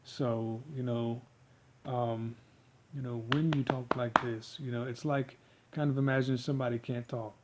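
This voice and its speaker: A man giving a rambling, halting monologue, full of fillers as he explains a technique. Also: medium pitch, fairly even intonation, background noise. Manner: halting, filler-heavy, meandering.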